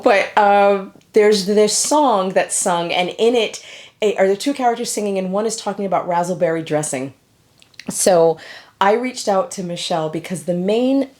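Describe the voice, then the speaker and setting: A woman's voice: on the low side, darkish tone. A middle-aged woman talking casually to camera as a knitting vlogger, chatty and sentimental, laughing easily.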